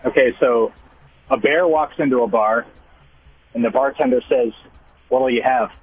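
Gravelly male caller on a phone line. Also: medium pitch, moderate pace, soft background music.

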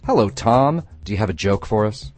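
A man hosting a call-in radio show who tells jokes in a playful, animated way. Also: lowish voice, a little fast, faint music behind. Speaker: radio host.

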